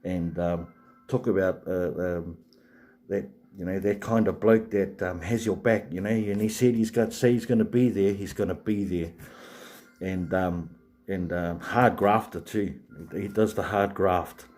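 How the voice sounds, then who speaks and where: A rambling man in his late forties chats to his live stream viewers, his voice sitting low and sounding warm and relaxed. He wanders through his sentences, full of ums and restarts. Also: a little slow. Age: 40s. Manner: rambling, chatty, many fillers and restarts.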